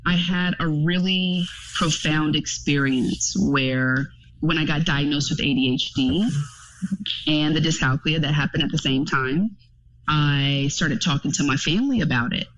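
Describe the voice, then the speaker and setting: A woman's voice: deep voice, a little slow, a little hiss or hum. A woman speaking as a podcast guest in candid casual chat, telling stories frankly with plenty of swearing. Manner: frank, profane, animated storytelling. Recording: dull lo-fi podcast audio.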